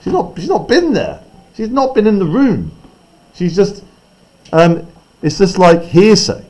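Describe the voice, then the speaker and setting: A man's voice: high-pitched, very animated, measured pace, darkish tone. A man teaching a class, explaining a play text in a chatty way and often checking in with "right?".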